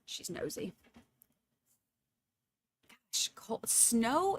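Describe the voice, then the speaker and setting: A woman's voice: on the high side, very animated, takes it slowly, pauses often, fairly bright tone, no room sound. A woman, chatting casually and laughing as she reads viewer comments at home. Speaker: livestream host.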